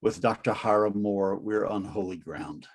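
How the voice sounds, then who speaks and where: A male host in an interview, speaking slowly and softly in short affirmations. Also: fairly low pitch, slightly rough. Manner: slow, soft affirmations. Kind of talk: conversational interview.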